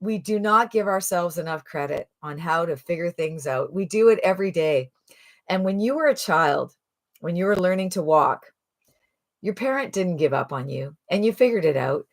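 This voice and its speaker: A woman in her sixties giving a casual, rambling sales pitch to camera, chatty and full of restarts. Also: expressive, normal speed. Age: 60s. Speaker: online marketing promoter.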